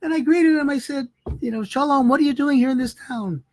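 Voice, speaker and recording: A man voicing a poor but cheerful Hasidic man who speaks warmly. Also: extremely high pitch, brisk, no echo, voice pushed up. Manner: warm, cheerful.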